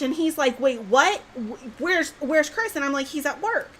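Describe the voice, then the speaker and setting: High-voiced excitable woman telling a scary story. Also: normal speed, low-quality recording. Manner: animated, excitable, swears mildly. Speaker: podcast host. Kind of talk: casual storytelling.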